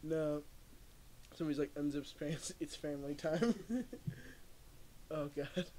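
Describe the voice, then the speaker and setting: A man's voice: fairly high pitch, steady tone, unhurried, dark tone. A young man streaming and chatting casually, rambling through stories, swearing and laughing often. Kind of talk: casual chat. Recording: faint background noise.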